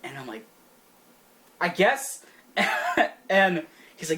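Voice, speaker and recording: A man's voice: high voice, animated, takes it slowly, long pauses, a bit bright. A young man co-hosting a podcast, crudely telling a story in casual chat, laughing often. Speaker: podcast co-host.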